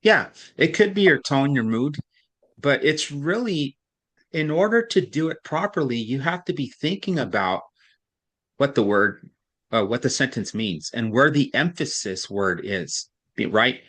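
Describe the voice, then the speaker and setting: Patient male reading tutor, mid pitch. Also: animated, measured pace, fairly bright tone. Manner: patient, explains step by step, often checks in with "right?". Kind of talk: one-on-one tutoring explanation.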